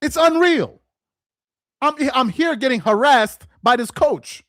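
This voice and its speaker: A man hosting a sports rant show, mocking and exasperated, firing off rhetorical questions, tripping over repeated words and rising into shouts. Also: extremely high pitch, expressive, takes it slowly, dry recording, studio quality. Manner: stumbles and repeats words when worked up; rises into shouts. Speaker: sports commentator host.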